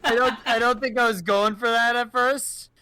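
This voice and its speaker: A man's voice: very high-pitched, steady tone, moderate pace, pushed and bright, clean tone. A man co-hosting a podcast in casual chat, laid-back and wry. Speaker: podcast co-host.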